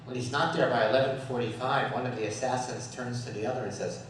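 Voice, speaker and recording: A man's voice: medium pitch, steady tone, fast, a little hiss or hum. A man giving a humorous talk as guest speaker at a Sunday service, storytelling with jokes and frequent chuckles. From USA. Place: worship hall. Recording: echoey hall from far off.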